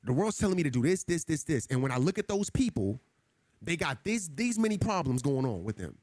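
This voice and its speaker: A male gaming streamer talks casually to his chat, earnest and preachy and often repeating himself. His voice sits on the high side with big pitch swings, a fast pace, and a darkish tone, with no room sound.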